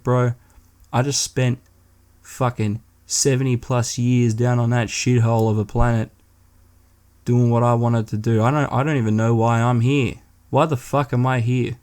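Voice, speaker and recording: A man's voice: mid-range voice, moderate pace, long pauses, darkish tone. A young man hosting a solo podcast, delivering an irreverent, sweary, mocking rant in casual talk. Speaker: podcast host.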